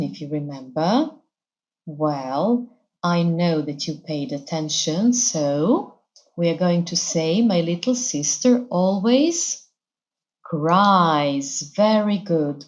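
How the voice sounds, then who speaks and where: A Serbian woman teaches English in a televised classroom lesson. She talks very slowly and patiently, in a low-set voice, repeating each example carefully. Her accent marks a native Serbian speaker. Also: darkish tone.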